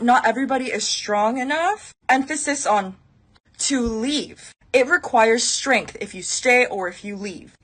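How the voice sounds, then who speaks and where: A woman's voice: fairly high pitch, a bit bright, breathy edge. Earnest woman giving advice. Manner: earnest, lecturing. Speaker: advice vlogger. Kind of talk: monologue to camera.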